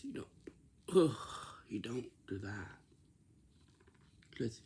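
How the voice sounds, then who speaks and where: A man's voice: fairly low pitch, steady tone, a little slow, gravelly, pauses often, mellow, breathy edge. A man talking casually in a rambling way, repeating himself and coaxing his listener with questions. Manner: repetitive, coaxing questions with many restarts.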